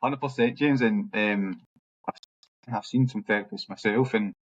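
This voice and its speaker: A man's voice: on the low side, unhurried, highs cut off. A man hosting a podcast, chatting in a supportive, rambling way and laughing along with his guest. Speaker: podcast host. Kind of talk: casual chat.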